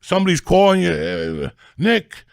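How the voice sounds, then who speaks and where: A middle-aged man telling comic stories as a podcast guest, loud, ranting and foul-mouthed. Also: on the high side, lively intonation, a little fast, vocal fry, dry recording, studio quality. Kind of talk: profane comic storytelling.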